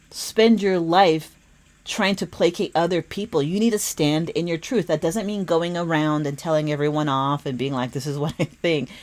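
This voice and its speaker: Low-voiced woman giving a tarot reading. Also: darkish tone. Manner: earnest, emphatic, repeats phrases. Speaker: tarot reader. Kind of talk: spiritual tarot reading to camera.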